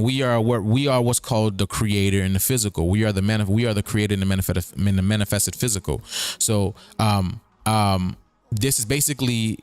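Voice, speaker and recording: A man's voice: lowish voice, a little mellow. A man hosting a livestream in a casual, rambling commentary style. He repeats himself and keeps checking in with his listeners. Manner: breaks words apart and riffs on them. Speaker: streaming show host.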